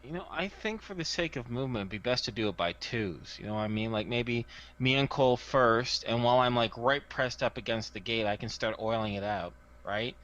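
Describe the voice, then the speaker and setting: A man playing a tabletop game, chatty and planning out loud, often checking for agreement. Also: medium pitch, brisk. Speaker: player. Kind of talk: casual tabletop role-play. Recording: dull lo-fi voice chat.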